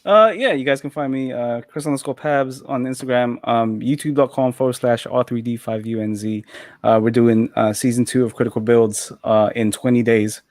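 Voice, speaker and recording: A man's voice: mid-range voice, normal speed, a little mellow, no room sound. A young man on a panel call, talking casually and rambling with many fillers and restarts.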